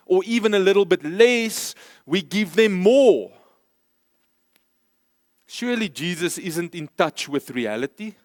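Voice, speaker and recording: Pastor, male, high voice, slow emphatic sermon delivery, dry close sound. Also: no echo. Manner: emphatic, repeats key phrases, slows for stress. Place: church.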